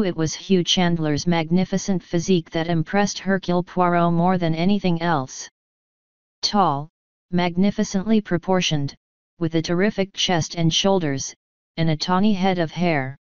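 A woman narrates a mystery audiobook at an unhurried pace, her voice lowish and remarkably smooth and clear. The recording is dry and close, with a slightly muffled, lo-fi tone. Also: dry recording. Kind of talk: scripted narration.

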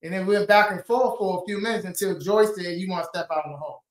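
A man's voice: sits high, fast. A man telling reality show stories as a guest in a laid-back, slangy way. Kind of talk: casual interview chat. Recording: roomy echo.

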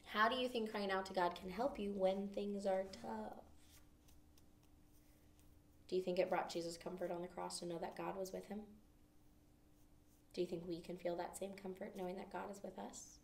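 A woman's voice: mid-range voice, moderate pace, vocal fry, long pauses, a little hiss or hum. Woman teaching kids in an echoey room. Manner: expressive, playful, talks straight to kids with questions. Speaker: children's ministry teacher. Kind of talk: children's Bible lesson. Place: church children's room. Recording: echoey room, mic at a distance.

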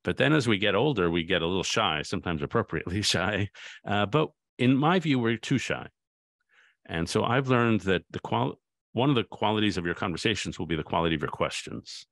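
A man's voice: on the low side, lively intonation, a little fast, vocal fry, a bit bright, no echo, clean studio sound. A man, a guest author, in a reflective conversation, thoughtful and anecdotal, often restarting his sentences.

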